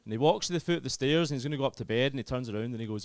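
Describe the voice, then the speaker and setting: A man's voice: mid-range voice, very fast, no echo. Scottish young man doing stand-up. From Scotland. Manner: self-deprecating, conversational. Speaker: stand-up comedian. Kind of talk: stand-up comedy set.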